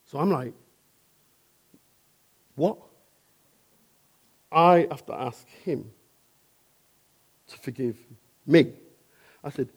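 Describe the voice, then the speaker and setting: A man's voice: on the high side, very slow, long pauses, darkish tone, husky. A man, a painter and decorator, earnestly telling a personal testimony in a conversational way and often checking in with his listener.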